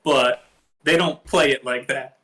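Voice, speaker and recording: A man's voice: medium pitch, measured pace, sharp tone. A man co-hosting a casual movie review podcast who offers thoughtful counterpoints between brief agreements. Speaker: podcast co-host.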